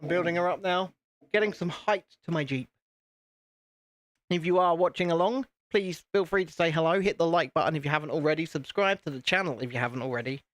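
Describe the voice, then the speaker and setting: A man's voice: fairly high pitch, brisk, a bit bright, no echo. A British man hosting a casual live stream, chatting to viewers while he builds and poking fun at himself. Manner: chatty, self-deprecating, talks to viewers.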